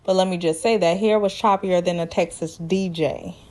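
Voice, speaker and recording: A woman's voice: on the low side, fairly even intonation, moderate pace, mellow. A woman vlogger giving sassy, teasing commentary in a casual TV recap.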